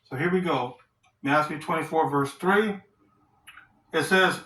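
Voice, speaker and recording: A man teaching from the Bible in a sermon, reading verses aloud slowly and asking rhetorical questions. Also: fairly high pitch, pushed and bright. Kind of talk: scripture study sermon. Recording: roomy echo, distant from the mic.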